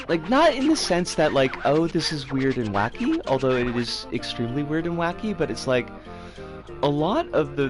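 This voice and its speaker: An American woman in her forties chatting casually on a game stream, animated and giggly with sudden excited squeals. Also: low-pitched. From United States. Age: 40s. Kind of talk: casual livestream chat while gaming. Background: game music.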